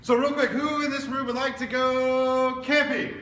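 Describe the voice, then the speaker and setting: A man giving a loud, playful recruiting pitch to children, using call-and-response. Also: level tone, normal speed. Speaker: district director. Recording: echoey hall, distant mic, crowd noise.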